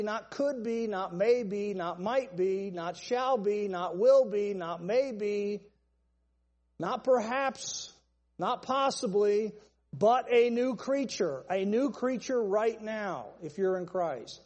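Slow, high-voiced male preacher in hall. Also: lively intonation, a little mellow. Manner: emphatic, repetitive list-style preaching. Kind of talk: sermon.

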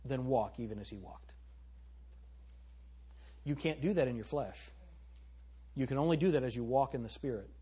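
A man's voice: mellow, slightly rough. A middle-aged man, preaching an emphatic sermon and asking the congregation questions. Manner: turns to a high mocking tone when imitating girls. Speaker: pastor.

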